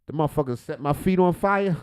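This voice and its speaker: A man's voice: on the high side, fast talker, clean tone. A man hosting a livestream, reacting to videos with rambling, profane, joking commentary. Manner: profane, rambling, jokey, loud swings in volume.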